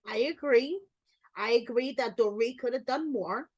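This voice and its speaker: High-voiced playful gossip host woman. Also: normal speed, a little mellow, slightly rough, no room sound, lo-fi sound. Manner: playful, blunt. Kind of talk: casual gossip chat.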